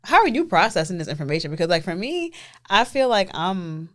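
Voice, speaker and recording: A woman's voice: lowish voice, sing-song, fairly quick, a bit bright. A woman in her early thirties co-hosting a podcast, talking casually in a rambling way full of fillers. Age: 30s. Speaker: podcast co-host. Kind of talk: casual chat.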